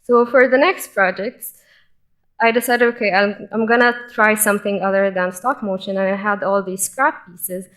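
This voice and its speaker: A young woman tells her story on a conference stage. She speaks in an informal way with open enthusiasm. Her voice sits at an ordinary middle pitch for a woman. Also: steady tone, normal speed, fairly bright tone. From Egypt. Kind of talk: personal conference talk.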